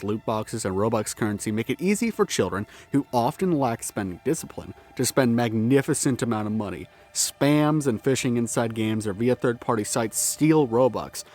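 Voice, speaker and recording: A man mid-rant in a commentary video, swearing constantly and breaking off to laugh at his own tangents. He sounds slightly out of breath from the cold, with a voice of ordinary middle pitch. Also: a little mellow. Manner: profane, swears freely, self-interrupting with laughs and asides. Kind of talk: ranting video-essay commentary. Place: outdoors in the cold.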